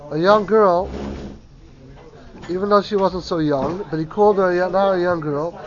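High-voiced animated Torah teacher. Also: male voice. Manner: animated, sing-song emphasis on words. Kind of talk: Talmudic lesson to a small class. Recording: dull lo-fi classroom recording.

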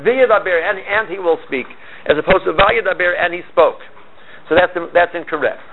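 A man teaching a class, talking in a halting way with many restarts. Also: high-pitched. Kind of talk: lecture on Hebrew grammar. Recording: tinny phone-like line, faint hiss.

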